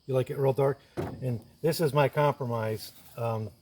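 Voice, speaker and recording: A man's voice: mid-range voice, steady tone, normal speed, noisy background. A man narrating his woodworking step by step, thinking aloud as he works in his shop. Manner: thinks aloud, explains each step as he goes. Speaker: woodworker and video host. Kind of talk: casual workshop narration while working. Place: woodshop.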